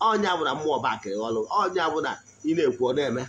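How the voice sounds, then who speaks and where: A man giving a spiritual teaching in a slow, deliberate voice, often asking his listeners if they follow. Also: fairly high pitch, animated, fairly bright tone, highs cut off, a little hiss or hum. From Nigeria. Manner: switches between Igbo and English, frequent check-ins. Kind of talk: spoken teaching.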